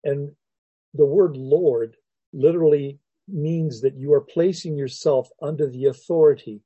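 A man preaching a sermon as a pastor, teaching verse by verse in an unhurried, reflective way with restarts and soft laughs. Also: a little high, steady tone, slightly rough, no room sound, lo-fi sound.

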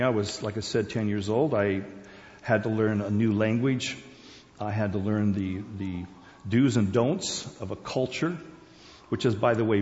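Man raised in Asia, relaxed rambling talk to a group, long hall reverb, muffled sound. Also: lowish voice. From Korea, Borneo and Singapore. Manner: rambling, conversational, with many fillers and restarts. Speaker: speaker. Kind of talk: informal personal talk.

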